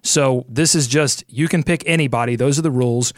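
A sports podcast host reads an ad and chats in an upbeat, jokey way, thinking aloud as he goes. His voice is medium-pitched and a little fast, captured in a clean, dry studio recording.

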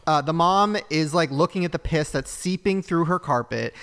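A podcast host with a fairly high, smooth voice talks at a moderate pace with hardly any pauses, in a big-room sound. He tells a story casually and with energy, acting out the voices of the people in it and laughing often.

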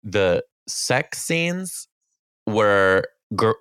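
A young man trades jokes and teases his co-host in fast, playful banter. His pitch jumps around a lot as he riffs. The sound is dry and close, with almost no room around it. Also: sing-song, a bit bright, clean tone, no echo. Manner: teasing, joking, quick playful banter. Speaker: podcast co-host and comedian. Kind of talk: casual chat.

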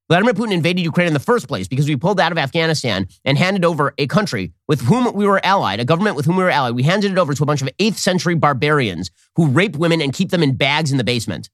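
A man hosting a political commentary show, talking in a rapid, sarcastic, mocking monologue. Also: a little high, a bit bright, no room sound, studio quality. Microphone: studio mic with earpiece.

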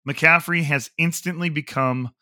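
A man hosting a sports podcast, talking casually and quickly, drifting into asides with fillers and restarts. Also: on the high side, fairly even intonation, sharp tone, no room sound, clean studio sound. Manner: quick, chatty, digressive with fillers. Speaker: podcast host.

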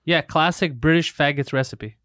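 Crude joking man, slightly high, dry sound. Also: fairly even intonation, normal speed, fairly bright tone, no room sound. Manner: crude, joking, mocking, bursts into silly accents. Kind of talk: crude casual banter.

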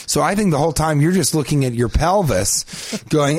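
A man hosting a comedy podcast, telling crude, absurd stories in a deadpan, rambling way. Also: a little high, moderate pace, no room sound, studio quality.

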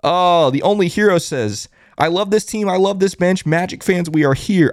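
Excited high-voiced man hosting a stream. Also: moderate pace, no room sound, clean studio sound. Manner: excited, loud, shouting catchphrases. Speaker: live stream host. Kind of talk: hyped postgame live stream, reading chat. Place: closet at a family home.

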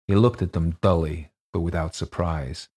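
Deep husky-voiced male story narrator. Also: steady tone, normal speed, darkish tone. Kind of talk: audiobook reading of a ghost story.

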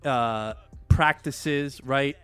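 Energetic man hosting a sports podcast. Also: mid-range voice, extremely slow, clean tone, faint music behind. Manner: loose, energetic, swears casually. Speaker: podcast host. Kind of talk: solo sports betting podcast chat. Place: home studio, New York.

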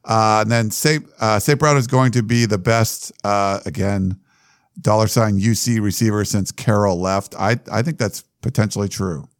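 Low-voiced man on a sports podcast. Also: normal speed, no room sound, clean studio sound. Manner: loose, reads listener questions with asides. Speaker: podcast co-host. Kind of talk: casual sports chat.

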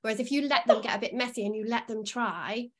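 A woman guest on a podcast, speaking as an early learning expert. She explains things patiently and reassuringly, in the steady tone of a teacher walking parents through the basics. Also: a little high, quick pace.

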